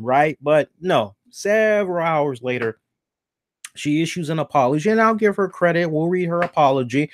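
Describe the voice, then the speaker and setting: A podcast host with a high-pitched voice and lively intonation runs a casual commentary show, speaking bluntly and animatedly and swearing freely. He talks at a moderate pace and hiccups a little after some beer. The recording is dry, with clean studio sound.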